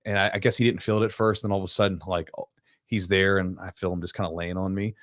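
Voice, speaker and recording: A man hosting a podcast, telling coaching stories in a casual, animated way. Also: low voice, no echo, clean studio sound. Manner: animated storyteller, quick, acts out quotes. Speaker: podcast host, jiu-jitsu coach. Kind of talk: casual storytelling chat.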